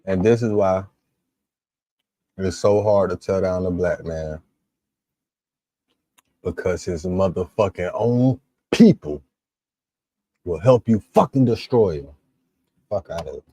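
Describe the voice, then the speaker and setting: Gravelly-voiced man ranting indignantly. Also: low-pitched, takes it slowly, pauses often, dark tone, dry recording. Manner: profane, indignant, exasperated ranting. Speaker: livestream reaction host. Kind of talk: live reaction commentary.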